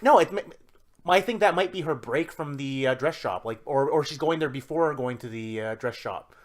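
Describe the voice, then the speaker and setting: A man's voice: on the high side, normal speed. A man co-hosting a podcast in casual chat, rambling and restarting as he eagerly explains ideas. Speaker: podcast co-host.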